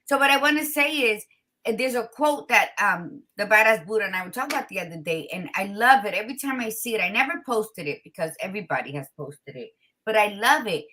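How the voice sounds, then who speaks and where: A woman hosting a casual talk show, blunt and expressive, with a tired morning voice, dropping in Spanish greetings. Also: medium pitch, fast. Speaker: podcast host. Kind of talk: casual chat.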